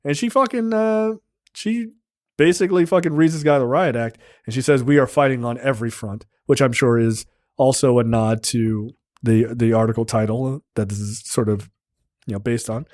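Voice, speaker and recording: A man's voice: mid-range voice, normal speed, no room sound, studio quality. A man hosting a film review podcast, retelling scenes casually with lots of swearing. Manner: profane, animated scene-by-scene retelling. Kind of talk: casual chat.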